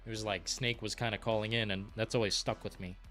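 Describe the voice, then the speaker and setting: A young man hosting a gaming live stream, chatting casually and reading viewer comments in an excitable, profane, rambling way. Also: on the low side, quick pace, faint music behind.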